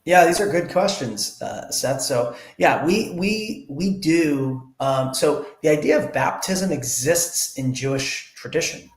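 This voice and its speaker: Man, interview guest, earnest explaining, slightly high voice, echoey room. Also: expressive, measured pace, few pauses. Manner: earnest, explaining with retold dialogue. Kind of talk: conversational interview.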